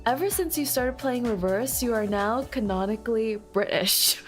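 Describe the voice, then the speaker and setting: A woman streamer chatting casually with her viewers, playful and giggly, breaking into squealing outbursts now and then. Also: medium pitch.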